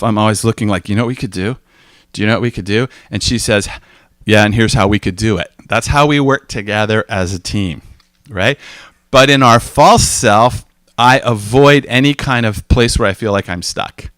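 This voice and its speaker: A man giving a relaxed teaching talk in a mid-range voice, telling stories from his own life. He slips into quick acted-out voices when he quotes other people. The sound is dry and close, with no room echo. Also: medium pitch. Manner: conversational, storytelling, acts out quoted voices.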